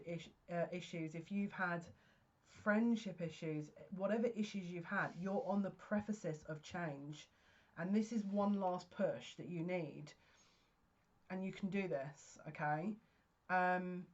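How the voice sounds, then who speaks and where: A woman's voice: lowish voice, lo-fi sound. A woman giving a casual tarot reading, earnest and emotional, rambling with frequent restarts. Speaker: psychic tarot reader. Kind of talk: casual spoken reading to camera.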